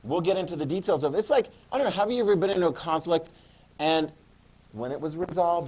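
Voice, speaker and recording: A man's voice: fairly high pitch, fast talker, darkish tone, rough recording. Man lecturing with chatty jokes. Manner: jokey, chatty asides to students. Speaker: history teacher. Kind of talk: classroom lecture.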